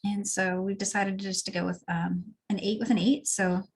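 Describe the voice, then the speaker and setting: A woman's voice: medium pitch, normal speed, slight background noise. A woman teaching a beadweaving class, talking through each step casually as she works. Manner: relaxed, chatty, explains as she works. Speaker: craft instructor. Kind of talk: step-by-step craft tutorial.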